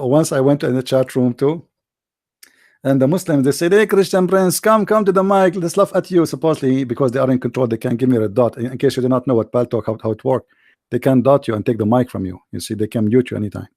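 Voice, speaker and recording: A man's voice: mid-range voice, quick pace, warm tone, no echo. Mocking man telling stories, dry close mic. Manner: mocking, laughs at his own stories, repeats words. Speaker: livestream host debating callers. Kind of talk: casual storytelling rant.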